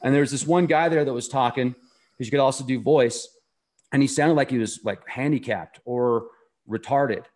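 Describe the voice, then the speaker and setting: A man's voice: mid-range voice, moderate pace, a little mellow. A man as an interview guest, telling a story in an earnest, enthusiastic and rambling way. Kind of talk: casual conversational storytelling.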